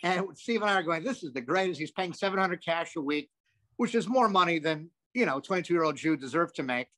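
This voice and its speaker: An older male comedian spinning long, animated stories in an interview. His voice sits a bit high, and he curses freely and wanders into asides. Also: fairly quick. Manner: animated, profane, rambling with asides. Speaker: comedian guest. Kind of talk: anecdotal storytelling.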